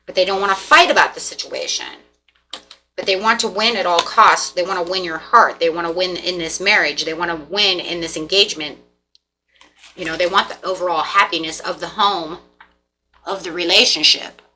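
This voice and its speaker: Bright-voiced woman giving a tarot reading. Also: on the low side, moderate pace, slight background noise. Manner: animated, repetitive, acts out voices of the people in the reading. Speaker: tarot reader.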